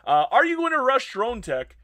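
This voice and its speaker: A tired, hoarse man doing chatty live gameplay commentary as a streamer, greeting his chat by name. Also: very high-pitched, huge pitch swings, normal speed, bright, forceful tone, dry recording.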